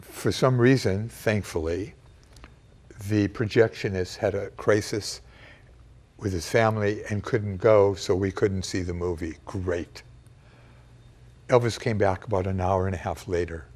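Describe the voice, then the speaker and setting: An older man telling a personal memory in a reflective, emotional way, dropping to a hush at times. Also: lowish voice, measured pace. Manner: reflective and emotional, with quiet hushed passages. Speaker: storyteller recounting a personal memory. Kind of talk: personal storytelling to camera.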